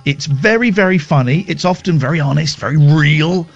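A man's voice: a little high, normal speed, soft background music. A man hosting a radio show from home, joking and teasing, rambling with lots of fillers. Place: home, with kids nearby. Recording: muffled remote radio sound.

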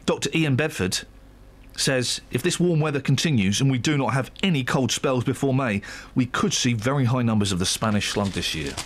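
A man's voice: medium pitch, expressive, brisk, a little hiss or hum. A man presenting breakfast radio with an English accent, reading odd news stories with jokey, rambling asides. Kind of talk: casual breakfast radio chat.

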